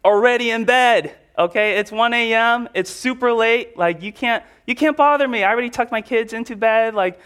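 A man's voice: extremely high pitch, moderate pace, hardly any pauses, a bit bright, clear, resonant tone, pitched above the performer's own voice. A man playing a grumpy neighbor who has already gone to bed, whining and complaining as he acts out a story in a sermon. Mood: annoyed. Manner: whiny, complaining.

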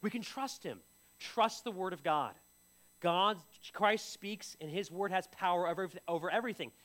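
A man's voice: high-pitched, moderate pace, fairly bright tone. A man preaching a sermon in a conversational way, often repeating and restarting his words. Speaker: pastor.

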